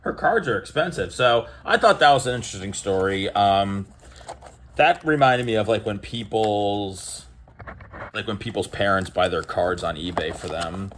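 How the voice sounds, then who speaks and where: Here a young vlogger who collects cards talks to camera about cracking open sports packs, his low voice running a little slow. The chat wanders, packed with fillers and restarts, but he gets animated when replaying conversations.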